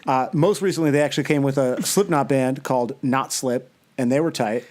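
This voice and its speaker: A man co-hosting a casual podcast chat, easygoing and quick to laugh, telling chatty stories. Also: mid-range voice, steady tone, a little mellow. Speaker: podcast co-host.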